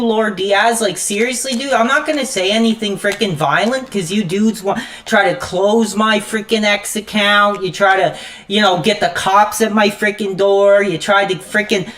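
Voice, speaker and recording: A woman's voice: medium pitch, normal speed, a bit bright. Woman streamer, furious live rant, profane and stammering. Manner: repeats "frickin'" constantly. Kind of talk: angry live-stream rant while gaming.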